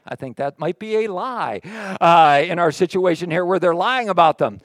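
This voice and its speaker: A man preaching a sermon in a church, animated and jokey, swinging from quiet asides to loud emphatic reading. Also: on the high side, normal speed, few pauses, dry recording. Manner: jokey, sarcastic asides to the congregation. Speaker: pastor.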